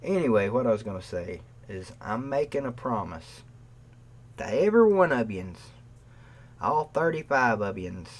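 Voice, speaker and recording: A man's voice: medium pitch, sing-song, normal speed. A man hosting a live stream, joking and swearing in a drawl and breaking into off-key joke songs. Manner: joking, profane, drawling banter with off-key singing. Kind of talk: casual live-stream chat with strummed guitar. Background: acoustic guitar.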